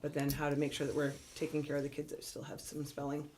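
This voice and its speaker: A woman with a low voice answers questions at a school board meeting, explaining curriculum and training. She speaks in an informative, matter-of-fact way, with faint background noise. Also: monotone, quick pace, dark tone. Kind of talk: meeting discussion.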